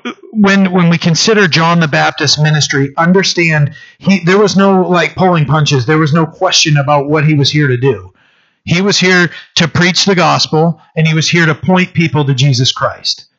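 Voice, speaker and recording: A man's voice: a little high, a bit bright. Man preaching a casual sermon, lo-fi sound. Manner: conversational, with frequent restarts and fillers. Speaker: pastor.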